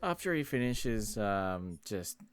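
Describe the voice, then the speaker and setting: A man with a deep, low voice walks through a movie's plot in rambling podcast chat. He hedges often and fills pauses with ums and likes. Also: sing-song, clean tone. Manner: rambling, hedging with many fillers. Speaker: podcast co-host. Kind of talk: casual movie recap chat.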